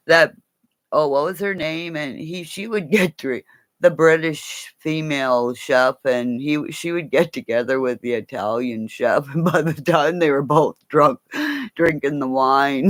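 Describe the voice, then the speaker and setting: A woman's voice: sits low, animated, a little slow, dry recording. A woman chatting on a livestream, rambling from one thought to the next, laughing often and swearing now and then. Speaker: livestream host. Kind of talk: casual livestream chat.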